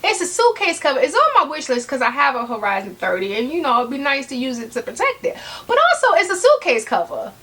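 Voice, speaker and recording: A woman's voice: high-pitched, fast talker, few pauses. A woman vlogger, chatting casually and sassily to her viewers, often checking in with "okay?". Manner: sassy, animated, talks straight to viewers with frequent "okay?". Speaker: fashion vlogger. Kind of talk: casual chat to camera.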